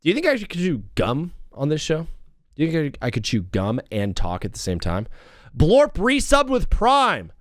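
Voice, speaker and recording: A young man hosting a live talk show, ranting in an excitable, self-mocking way and jumping between topics. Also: mid-range voice, a little fast, no room sound, studio quality. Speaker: radio show host.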